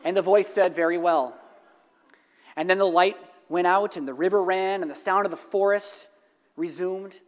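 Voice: mid-range voice, moderate pace. Preacher in a reverberant sanctuary. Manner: emphatic, animated storytelling with repetition. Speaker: pastor. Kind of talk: sermon. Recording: long reverb of a large hall.

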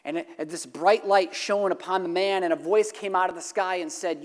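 A pastor preaching a sermon with emphatic, animated storytelling, often repeating key phrases. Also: mid-range voice, normal speed, few pauses. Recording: long reverb of a large hall.

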